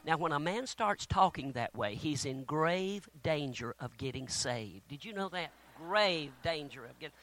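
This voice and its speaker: A male preacher telling stories from the pulpit, animated and prone to sudden loud bursts. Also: a little high, measured pace, hardly any pauses, no room sound. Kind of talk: sermon storytelling.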